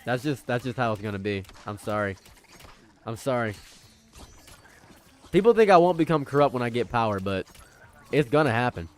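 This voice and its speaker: A man's voice: mid-range voice, sing-song, moderate pace, long pauses. A young man streaming, chatting casually and joking around, often repeating his lines for comic effect. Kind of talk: casual rambling stream banter.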